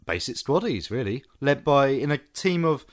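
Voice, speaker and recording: A man's voice: mid-range voice, big pitch swings, normal speed. Dry-humoured man co-hosting. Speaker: podcast co-host. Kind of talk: casual film review chat.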